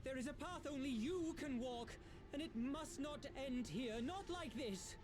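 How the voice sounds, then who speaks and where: A man's voice: extremely high pitch, lively intonation, measured pace, a little mellow. An actor playing a small, elderly male mage who gives solemn, urgent commands and is stern and self-sacrificing.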